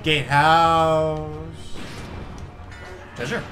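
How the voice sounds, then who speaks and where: Excitable young man with bright voice. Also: a little high, extremely slow, faint music behind. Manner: excitable, swears, reads item text aloud. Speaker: co-host of a gaming channel. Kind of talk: casual let's-play chat.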